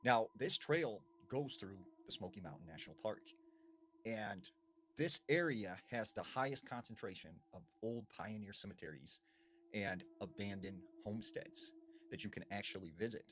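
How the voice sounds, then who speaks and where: Man, relaxed spooky storyteller, low pitch, faint background noise. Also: normal speed.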